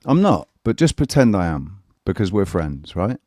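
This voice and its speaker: Low-voiced man hosting a panel chat. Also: very animated, normal speed, darkish tone, dry recording, studio quality. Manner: earnest, lecturing, with restarts. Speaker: channel host. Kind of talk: casual chat.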